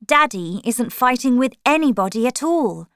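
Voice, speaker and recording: A woman's voice: on the high side, animated, normal speed, a bit bright, dry recording, clean studio sound, pitched above the performer's own voice. A woman doing a spirited, headstrong young woman. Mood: stern. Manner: firm and emphatic.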